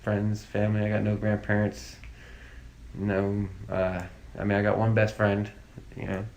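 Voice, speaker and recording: A man's voice: lowish voice, monotone, measured pace, creaky, darkish tone, slight background noise. A man speaking as an interview guest, recalling family memories in a rambling, casual way full of fillers and restarts. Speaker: interview guest, victim's brother. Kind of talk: casual, emotional recollection.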